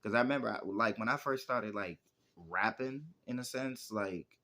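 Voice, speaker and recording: A man's voice: lowish voice, normal speed, sharp tone. A man in his twenties, a music producer and rapper, telling stories in a casual, rambling interview with lots of filler words. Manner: rambling, heavy use of "like" fillers.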